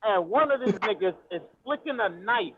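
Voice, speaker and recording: Excitable high-voiced man telling a story. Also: moderate pace, a crowd in the background. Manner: profane, excitable, slangy street talk. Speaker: storyteller guest. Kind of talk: casual chat, animated storytelling. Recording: tinny phone-like audio.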